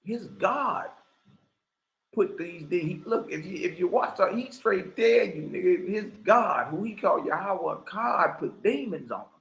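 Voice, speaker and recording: A man's voice: high voice, a little slow, creaky. Theatrical laughing man in an echoey room. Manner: animated, theatrical, laughing, slangy. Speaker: livestream host. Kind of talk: mocking commentary.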